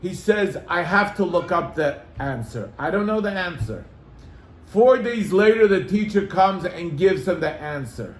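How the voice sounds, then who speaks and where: Animated storytelling rabbi, high voice. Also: male voice, a little slow, roomy sound. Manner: animated, acts out quoted voices. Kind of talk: storytelling to a congregation.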